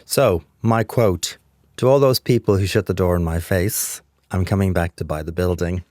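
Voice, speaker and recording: A male podcast host with a very low voice asks his guest questions and answers with short, affirming remarks. The recording is dry and close, with no room echo. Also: moderate pace, mellow. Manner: brief, affirming interjections. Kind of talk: podcast interview.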